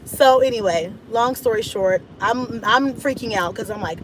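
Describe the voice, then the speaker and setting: A woman vlogger telling a casual story in an animated, dramatic way, acting out her own thoughts. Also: on the high side, moderate pace, noisy background. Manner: animated, dramatic retelling with laughs and voiced-out inner thoughts. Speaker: mom vlogger.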